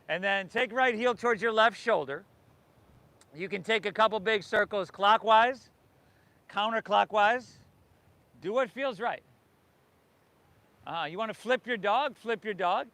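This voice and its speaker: A man's voice: high-pitched, measured pace, pauses often, bright, forceful tone, no echo. A man teaching an outdoor yoga class, giving encouraging cues and breathing instructions to the group. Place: outdoors by the ocean.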